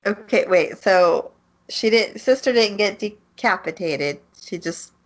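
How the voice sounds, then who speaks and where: A woman's voice: medium pitch, animated, takes it slowly, rough recording. A woman co-hosting a podcast in casual chat, asking short follow-up questions and laughing often. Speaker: podcast co-host.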